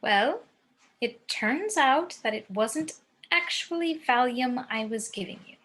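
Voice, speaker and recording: A woman's voice: sits high, lively intonation, takes it slowly, a bit bright, heavily acted. A woman reading the part of a worried wife, urgent and concerned in an amateur script reading.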